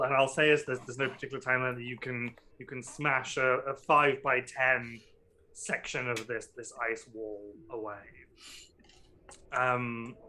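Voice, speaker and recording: Guy running a tabletop game, bright clear voice, lots of ums, bit of hiss behind. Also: medium pitch, measured pace. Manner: relaxed descriptive narration with many ums. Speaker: game master.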